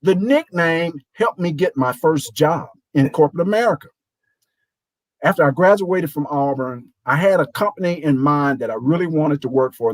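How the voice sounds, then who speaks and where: A man in his sixties, a show guest, telling a lively anecdote and acting out the voices of people in it. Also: on the high side, no room sound, low-quality recording. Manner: animated, acts out quoted voices. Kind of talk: storytelling anecdote.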